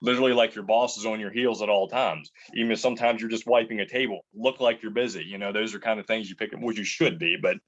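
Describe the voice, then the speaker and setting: A low-pitched man answers interview questions in a loose, rambling way, often restarting sentences as he tells stories from kitchens. The audio is dull and lo-fi. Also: steady tone, fast, hardly any pauses. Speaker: chef and entrepreneur.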